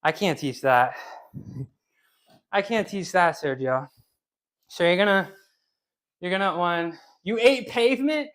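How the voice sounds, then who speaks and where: A man's voice: high-pitched, lively intonation, measured pace, long pauses, a bit bright. A man casually coaching handstands during a live workout stream, rambling and repeating himself as he talks to chat. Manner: talks to chat while exercising. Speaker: fitness streamer.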